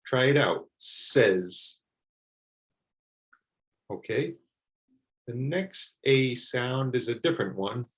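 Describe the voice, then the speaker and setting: A man teaching English pronunciation, repeating words slowly and carefully for learners. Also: mid-range voice, fairly bright tone, low-quality recording. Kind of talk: slow, deliberate pronunciation lesson.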